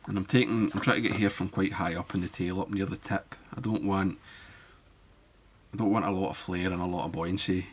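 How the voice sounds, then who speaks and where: A man giving a relaxed step-by-step fly-tying tutorial, thinking aloud as he works. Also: low-pitched, a little fast, background noise.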